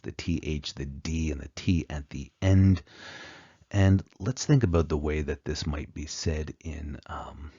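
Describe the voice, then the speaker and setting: Very deep, husky male lecturer. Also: warm tone, no room sound, highs cut off. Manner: unhurried, with frequent pauses and fillers. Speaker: teacher. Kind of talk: explanatory lecture.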